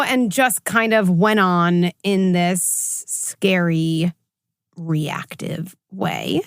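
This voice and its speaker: A woman clinical psychologist in her forties, talking as a guest in an interview and telling stories with lively quoted voices. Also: fairly low pitch, slow, gravelly, dry recording, clean studio sound. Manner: animated storytelling, acts out quoted voices. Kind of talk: conversational interview.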